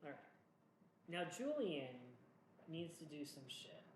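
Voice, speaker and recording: Slow and sing-song, with a slightly high voice, a man narrates his solo board game playthrough for his channel, poking fun at himself as he talks through every move. Faint noise and echo fill the room.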